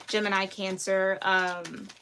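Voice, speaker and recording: A woman's voice: mid-range voice, level tone, slow pace, pushed and bright, a little hiss or hum. A woman giving a casual, chatty tarot reading, slangy and laughing often. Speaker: tarot reader.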